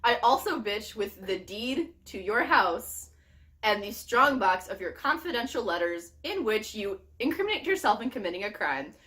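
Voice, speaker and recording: A woman voicing a smug, scheming male hypocrite in a flippant, mocking paraphrase, with a wide upward leap in pitch. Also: big pitch swings, normal speed, fairly bright tone.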